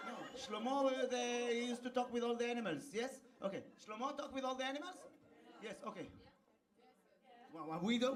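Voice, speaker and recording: A man's voice: very high-pitched, moderate pace. A man doing joking street interviews, playful and teasing, in non-native English. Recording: distant mic with crowd noise.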